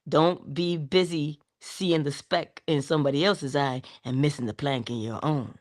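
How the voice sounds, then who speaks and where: A woman hosting a spiritual talk, animated and laughing often as she tells stories. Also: low voice, normal speed. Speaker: spiritual channel host. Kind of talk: casual spiritual talk to viewers.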